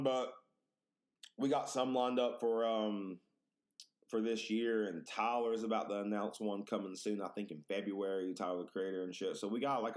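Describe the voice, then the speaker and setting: A man hosting a podcast, telling exaggerated, profane stories in casual chat. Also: on the low side. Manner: animated, profane, exaggerated storytelling. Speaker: podcast host.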